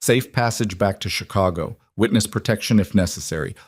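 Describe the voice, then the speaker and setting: A smooth, cold mob interrogator presses his questions without hurry, as a male narrator voices him. The voice sits low and dry, calm menace in every line of the storybook telling. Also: brisk, no echo.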